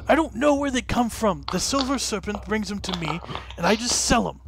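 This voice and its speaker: A man voicing a pudgy, shady male slave auctioneer who yelps and whines in a high, strained voice. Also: lively intonation, a little fast, creaky, noisy background. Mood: whiny. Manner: shrieking, panicked yelps.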